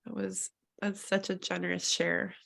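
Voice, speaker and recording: A woman facilitating a group session, responding in a soft and appreciative way. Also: lowish voice, level tone, moderate pace, creaky. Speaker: workshop facilitator.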